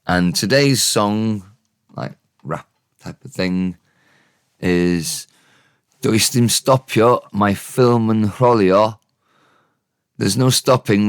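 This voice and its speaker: Welsh-accented male teacher, slow and low, dry close mic, self-correcting. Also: clear, resonant tone, no room sound. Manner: unhurried, thinking aloud, correcting himself. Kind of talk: casual spoken language lesson.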